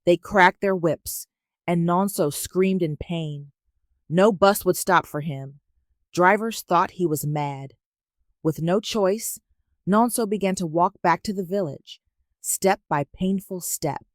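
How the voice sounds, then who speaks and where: A woman telling a folktale at a slow, measured pace in a lowish voice. The recording is close and dry, with no room sound. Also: no echo. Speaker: narrator. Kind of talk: storytelling narration of a folktale.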